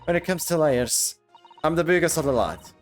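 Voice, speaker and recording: Game read: man voicing a defiant cockney young woman, blunt, raised pitch, lively delivery. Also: moderate pace, soft background music. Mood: scornful. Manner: broad dialect, blunt and dismissive.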